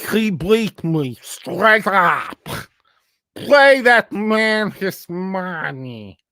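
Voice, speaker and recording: A man's voice: high-pitched, big pitch swings, bright, forceful tone, dry recording, clean studio sound, pitched above the performer's own voice, exaggerated voice. A man putting on a heavy Russian-style accent as a menacing male poker boss. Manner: slow, heavy put-on accent.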